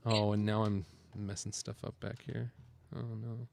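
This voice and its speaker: A man's voice: fairly low pitch, level tone, normal speed, gravelly, darkish tone, a little hiss or hum. A man hosting a casual building video, talking his way through the build in a chatty, rambling way with lots of fillers. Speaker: host building LEGO on camera.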